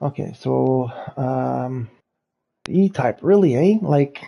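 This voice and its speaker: A man's voice: mid-range voice, lively intonation, slow, creaky, warm tone. A man streaming a racing game live, chatting loosely with viewers and laughing often. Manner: rambling, laughs often, talks to chat. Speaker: livestreamer playing a racing game. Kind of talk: casual live gameplay commentary. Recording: dull lo-fi stream audio.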